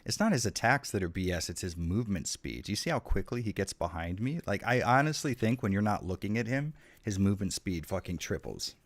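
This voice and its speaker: As he plays a horror game on stream, a young man trash-talks the enemies with foul-mouthed, excitable humor. His pitch is lowish and his pace a bit fast, barely pausing, in an echo-free recording.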